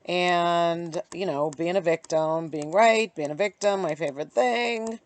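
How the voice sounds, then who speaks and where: A woman vlogging casually to camera, reflecting out loud in a halting, searching way with many pauses and fillers. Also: on the low side. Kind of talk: casual self-reflective vlog. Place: bright outdoor spot.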